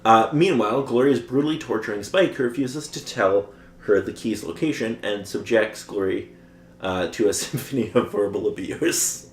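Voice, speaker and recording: A man's voice: lowish voice, moderate pace, echoey room. A man co-hosting a podcast, recapping a show's plot in casual chat and chuckling often as he goes. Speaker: podcast co-host recapping episodes.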